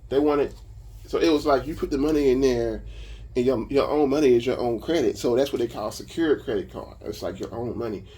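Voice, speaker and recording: A man casually telling a story about his own life, animated and full of profanity. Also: medium pitch, fairly quick, breathy edge. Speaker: vlogger.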